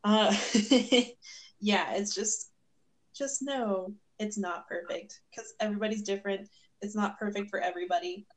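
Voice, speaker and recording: A woman's voice: medium pitch, a little slow, poor audio. A woman co-hosting a writing podcast, talking casually with a blunt, playful edge and some swearing. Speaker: podcast co-host.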